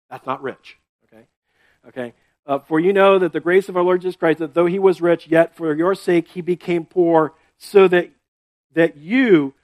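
A high-pitched man delivers a sermon as a pastor, talking to his congregation as if in conversation. He keeps checking in with quick "right?" and "okay?" tags and doubles back over his words as he explains. The sound is dry and close, with no room echo. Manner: restarts and repeats words while explaining.

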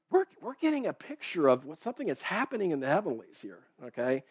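Male pastor, conversational sermon, filler-heavy, somewhat raised pitch, close dry recording. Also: huge pitch swings, fast talker, few pauses, breathy edge, no echo. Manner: casual, conversational, reads verses and checks in with "right?" and "okay?".

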